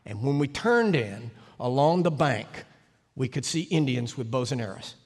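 An American man preaching, telling a story with animated, sudden loud swings and emphatic delivery. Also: mid-range voice, moderate pace. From United States. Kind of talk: sermon storytelling. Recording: echoey hall reverb.

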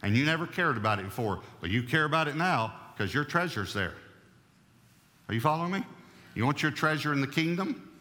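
A man preaching a sermon as pastor, emphatic and repeating key phrases, slowing down to read scripture. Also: a little high, lively intonation, pushed and bright. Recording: long hall reverb.

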